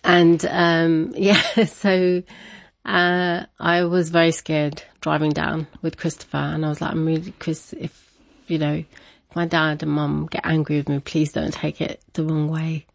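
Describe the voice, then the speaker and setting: A woman with a lowish voice tells a personal story to an interviewer, animated and quick to laugh. She brings her family to life by acting out their voices. The sound is close and dry. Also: creaky, dry recording.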